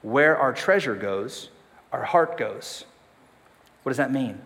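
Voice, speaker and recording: A man's voice: medium pitch, lively intonation, slow, a bit bright. A man preaching a casual, self-deprecating sermon, asking the congregation questions. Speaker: pastor. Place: church sanctuary. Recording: long hall reverb.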